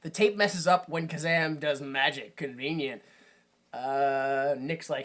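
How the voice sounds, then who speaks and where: A woman's voice: low-pitched, slow. A woman co-hosting a podcast, casually recapping a movie and acting out its characters with laughs. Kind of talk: casual chat.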